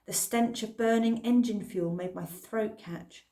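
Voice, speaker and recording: A woman reading a children's novel aloud in the first person, with expressive storytelling. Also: fairly high pitch, measured pace. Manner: expressive storytelling, lively emphasis. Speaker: reader. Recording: roomy echo.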